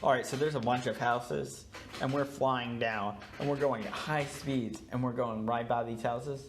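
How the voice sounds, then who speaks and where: A man's voice: medium pitch, fairly even intonation, normal speed, background noise. A young man co-hosting a podcast, sleep-deprived and yawning, telling a rambling story full of fillers and restarts in casual chat. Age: young adult. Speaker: podcast co-host.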